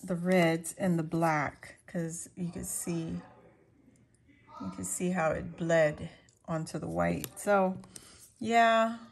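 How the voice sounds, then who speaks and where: A woman crafting vlogger talking casually to her viewers as she shows her handmade pieces, chatty and quick to laugh. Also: on the low side, fairly even intonation, vocal fry, husky. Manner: chatty, laughs often, talks to viewers while showing her work.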